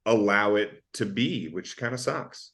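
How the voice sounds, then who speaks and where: A man's voice: lowish voice, animated, unhurried, fairly bright tone. A man, an actor from Canada, chatting as a guest on a podcast over a video call, joking and self-deprecating. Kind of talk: casual chat.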